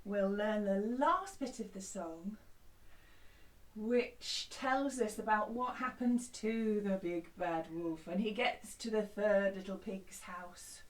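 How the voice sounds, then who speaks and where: A woman teaching a children's music lesson in a gentle, encouraging way, often breaking into song. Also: mid-range voice, takes it slowly. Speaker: primary school music teacher. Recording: echoey room, distant mic.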